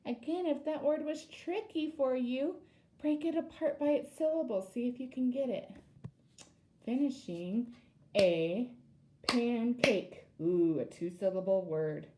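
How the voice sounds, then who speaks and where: A woman's voice: fairly high pitch, a little slow, warm tone, a little hiss or hum. A woman teacher leading a reading lesson for young children, sounding out words syllable by syllable.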